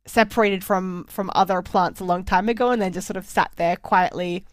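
A woman's voice: medium pitch, fairly even intonation, normal speed, no echo. A young Australian woman from Perth chatting casually with a wry, self-mocking humor and frequent laughs. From Perth, Western Australia. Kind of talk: casual chat.

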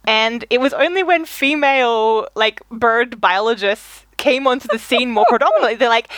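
A young woman co-hosting a podcast in casual chat, animated and quick to laugh, with frequent fillers. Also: high-pitched, no room sound. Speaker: podcast co-host.

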